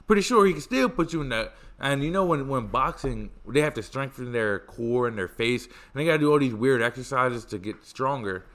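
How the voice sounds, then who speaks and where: A man hosting a podcast, telling stories in a casual, animated way, swearing freely and stressing points through repetition. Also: mid-range voice, a little fast, few pauses. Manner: animated, profane, emphatic repetition. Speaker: podcast host. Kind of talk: casual storytelling chat.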